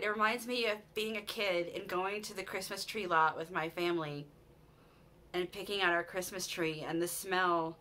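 A woman's voice: lowish voice, bright, forceful tone, a little hiss or hum. A woman, chatting casually to camera about things she bought, gushing and sentimental. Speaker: vlogger. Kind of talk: casual haul chat to camera.

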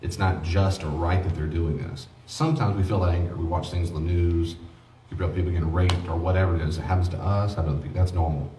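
Deep-voiced pastor in an echoey room. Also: male voice, steady tone, quick pace, noisy background. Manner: earnest, repetitive, conversational preaching. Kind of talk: teaching sermon on grief. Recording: echoey room, mic at a distance.

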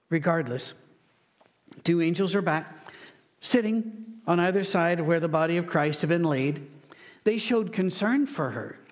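A male pastor delivering a sermon in a storytelling way. His voice sits a little higher than most men's. He slows down and lowers his voice to draw listeners in. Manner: storytelling preacher, slows and drops to a hush for emphasis.

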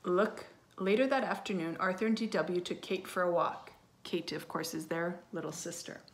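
A woman, a teacher, reading a picture book aloud to young children and explaining gently. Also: lowish voice, normal speed, echoey room, a little hiss or hum. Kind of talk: read-aloud storytelling for kids.

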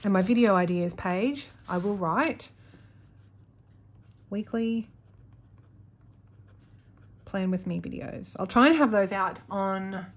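Young woman, casual planner vlogger, rambles and self-corrects, mid-pitched. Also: takes it slowly, pauses often. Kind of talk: casual chatty narration while journaling.

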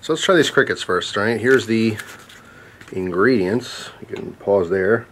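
A man's voice: lowish voice, a little slow, a bit bright, a little hiss or hum. A young man vlogging at home, chatting wryly as he tastes bugs and talks to his dog. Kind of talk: casual vlog, tasting food on camera. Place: indoors at home, camera on tripod.

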